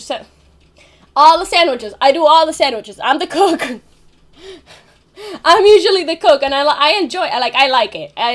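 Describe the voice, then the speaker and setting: A woman's voice: on the high side, a bit bright. A young woman telling a casual story about her job, full of fillers like "like" and "you know", with casual swearing. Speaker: vlogger.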